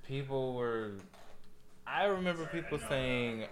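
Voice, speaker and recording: A man's voice: medium pitch, lively intonation, measured pace, a crowd in the background. A man co-hosting a podcast, telling stories in a blunt, profane, joking way. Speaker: podcast co-host. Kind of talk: casual chat.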